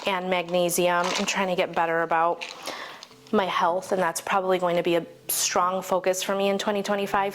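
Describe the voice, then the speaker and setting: Soft-spoken woman in her forties, rambling. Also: on the low side, slight background noise. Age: 40s. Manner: rambling, heartfelt, laughs often. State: teary, emotional. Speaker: vlogger. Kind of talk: casual chat to camera.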